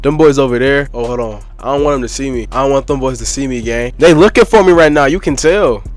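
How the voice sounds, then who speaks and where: A young man giving excitable, slang-heavy commentary over his own gameplay and trash-talking other players. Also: mid-range voice, fast talker, faint music behind. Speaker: gaming streamer.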